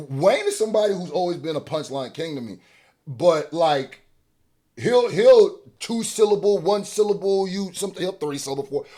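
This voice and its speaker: A man hosting a casual album reaction, swinging between excited hype and quieter mumbled asides. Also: high-pitched. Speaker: music reaction host.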